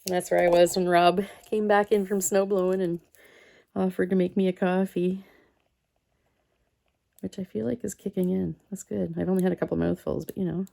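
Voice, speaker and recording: Woman crafting host, casual rambling chat, mellow gravelly voice. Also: fairly low pitch, level tone, normal speed. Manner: chatty, rambling storyteller, talks to herself while working.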